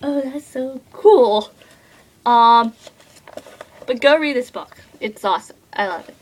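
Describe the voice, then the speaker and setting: Gushing high-voiced teen girl vlogger. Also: slow pace, rough recording. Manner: rambling and gushing, full of "like" fillers. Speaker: book vlogger. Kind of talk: casual book review.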